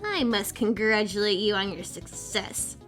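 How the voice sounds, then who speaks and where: A woman's voice: medium pitch, unhurried, a bit bright, soft background music, lightly acted. A woman voicing a scheming male rogue in a fan audio drama, speaking in a cocky, theatrical way. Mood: smug.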